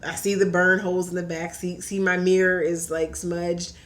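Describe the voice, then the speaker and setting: A woman from Virginia chatting on a podcast as a guest, telling a story in a lively way and acting out the voices she quotes. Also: on the low side, normal speed. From Hampton Roads, Virginia. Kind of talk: casual chat.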